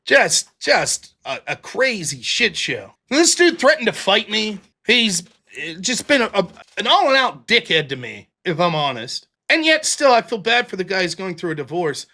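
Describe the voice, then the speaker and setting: A man hosting a reaction commentary show, sounding exasperated and incredulous and swearing freely. His pitch leaps around wildly as he talks. His tone is bright and sharp. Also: very animated, normal speed.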